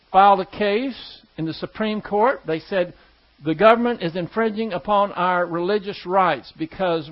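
A man teaching an informal Bible class in a folksy, explanatory way, often putting questions to his class. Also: high voice. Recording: dull lo-fi classroom recording.

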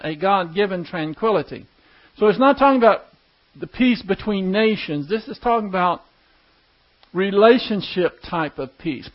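Man, bible teacher, high-pitched voice, slightly muffled live-stream sound, conversational then emphatic. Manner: conversational, builds to emphatic stresses on key words. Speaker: pastor teaching a Bible study. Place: church with live streaming setup.

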